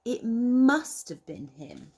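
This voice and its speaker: Woman as earnest young rabbit hero, slow and determined. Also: on the high side, very animated, a little mellow, breathy edge, voice pushed up, exaggerated voice. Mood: certain.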